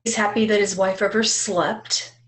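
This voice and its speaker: A woman psychic medium in casual conversation, animated and laughing often, dropping to a hush when quoting. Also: medium pitch, normal speed. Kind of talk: casual chat.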